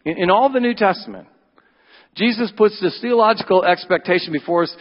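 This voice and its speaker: A man's voice: high-pitched, brisk, highs cut off. Man preaching in a reverberant church. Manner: emphatic preaching, swings between loud rises and quiet drops. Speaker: pastor. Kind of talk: Easter sermon. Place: church sanctuary.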